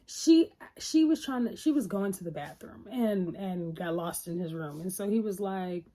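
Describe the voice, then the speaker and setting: Chatty woman with a mellow voice. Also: mid-range voice, expressive, moderate pace. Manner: chatty, loose retelling full of "like" and "right?". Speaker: TV reviewer. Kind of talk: casual episode recap.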